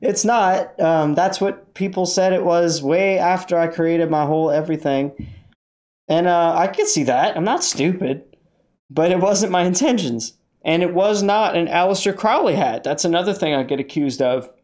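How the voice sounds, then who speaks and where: A man's voice: sits high, normal speed, darkish tone. A man hosting a casual livestream from inside his car, rambling, joking and talking back to his chat. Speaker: livestream host.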